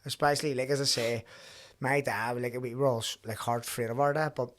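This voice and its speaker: A man's voice: medium pitch, fairly even intonation, a bit bright, a little hiss or hum. A young man, hosting a casual podcast chat and telling stories, swearing freely and quoting himself. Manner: rapid, swearing, storytelling with quoted asides. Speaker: podcast host, professional boxer.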